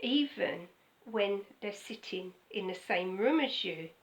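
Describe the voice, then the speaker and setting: Lively older woman preaching. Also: mid-range voice, takes it slowly, poor audio. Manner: chatty, animated, frequent "okay?" asides. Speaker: pastor. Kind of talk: casual sermon.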